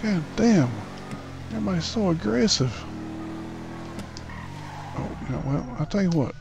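A man's voice: high voice, expressive, unhurried, creaky, noisy background. A man roleplaying in a video game, whining and indignant, repeating his complaints over and over. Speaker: roleplay streamer. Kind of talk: casual game roleplay banter.

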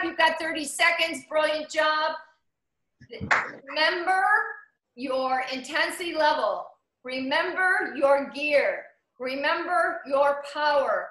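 A woman leads an online cycling class with a high, bright voice, cheering riders on by name and counting down each interval. She sounds roomy and echoey, as if she is coaching through a video call. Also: slow, slight background noise. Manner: upbeat, encouraging, calls out riders by name; counts down seconds and cadence. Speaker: cycling instructor.

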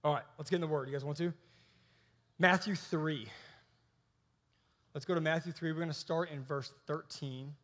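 A man's voice: fairly high pitch, steady tone, moderate pace, long pauses, fairly bright tone, long reverb tail. A man in his thirties preaching a casual, conversational sermon, often restarting his sentences. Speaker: pastor. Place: church hall.

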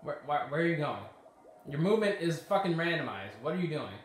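A bright, high-voiced man narrates his own gameplay in a lively, swinging tone, swearing and shouting at the game in frustration. His voice rings in a very echoey room while game music plays faintly underneath. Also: fairly quick. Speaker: gaming YouTuber. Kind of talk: let's play commentary.

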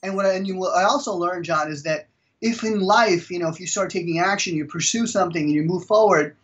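A middle-aged man from India, a guest author telling stories in an interview with lively energy. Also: high voice, fast talker, far from the mic, dull audio. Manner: energetic, animated storyteller. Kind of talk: storytelling in an interview.

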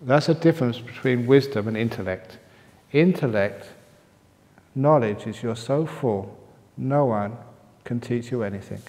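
A man's voice: mid-range voice, unhurried, long pauses, a little mellow. A man who is a Buddhist monk and teacher, answering retreat questions with humorous stories and reading each question aloud. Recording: long reverb of a meditation hall.

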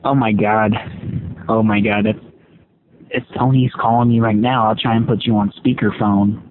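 A man's voice: on the low side, steady tone, moderate pace, a little hiss or hum. A man improvising a comedy phone skit in an exasperated, complaining tone. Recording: tinny phone-like lo-fi.

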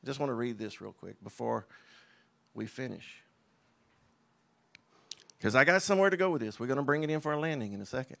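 A man's voice: medium pitch, lively intonation, brisk, gravelly, pauses often, bright, forceful tone. A man preaching a sermon, in an emphatic, conversational way with scoffing asides. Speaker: pastor.

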